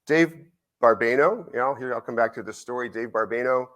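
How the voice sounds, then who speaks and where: A man's voice: mid-range voice, a little fast. A middle-aged man, a university researcher, giving a conversational conference lecture with stories and frequent "right?" checks to the audience. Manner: animated, conversational, frequent "right?" tag questions. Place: conference symposium.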